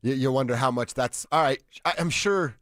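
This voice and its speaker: A man from Colorado co-hosting a sports radio show in casual chat, talking with restarts and quick asides in a studio. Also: medium pitch, a bit bright, dry recording. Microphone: studio microphone.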